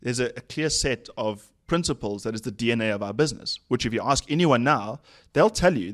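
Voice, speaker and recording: Animated man telling stories on a podcast. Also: medium pitch. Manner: animated anecdote telling with frequent laughs. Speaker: company CEO, podcast guest. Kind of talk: casual interview storytelling.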